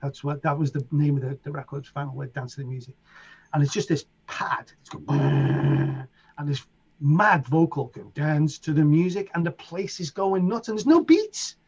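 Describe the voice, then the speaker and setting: A middle-aged man from England with a Liverpool accent, a DJ telling animated stories as an interview guest and acting out voices and sounds. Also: fairly high pitch, normal speed, slightly rough, highs cut off. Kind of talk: casual storytelling.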